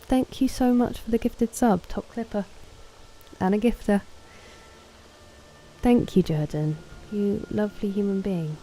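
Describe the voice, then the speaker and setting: A woman's voice: medium pitch, unhurried, pauses often, warm tone, rough recording. A woman streaming a game, chatting casually with her viewers, greeting and thanking them and answering their questions.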